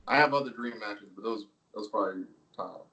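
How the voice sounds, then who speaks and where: A man being interviewed as a pro wrestler, telling stories in a relaxed way with frequent laughs and fillers. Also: lowish voice, brisk, distant mic, muffled recording. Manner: laid-back storytelling, laughs often, filler words. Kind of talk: casual interview chat.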